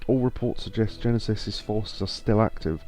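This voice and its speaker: Chatty, lowish-voiced man streaming a game. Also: fairly even intonation, moderate pace, dark tone, soft background music. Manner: chatty, rambling, muttering to himself, reads mission text aloud. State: stuffy nose, sniffing. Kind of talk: casual live gameplay commentary. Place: home streaming setup.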